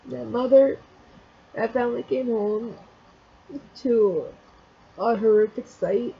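A woman vlogger retelling a story, emotional and halting, near tears, with many restarts. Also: a little high, creaky, highs cut off, a little hiss or hum. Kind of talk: personal vlog, retelling a story.

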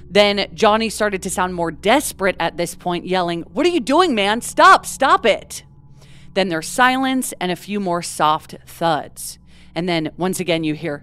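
Clear-voiced woman co-hosting a true crime podcast. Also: lowish voice. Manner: reads from a script with casual asides. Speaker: podcast co-host.

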